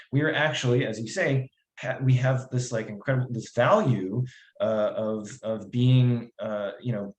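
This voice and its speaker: Rambling American man in a roomy room. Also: mid-range voice. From United States. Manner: thoughtful, rambling, many restarts and fillers. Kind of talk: casual podcast chat.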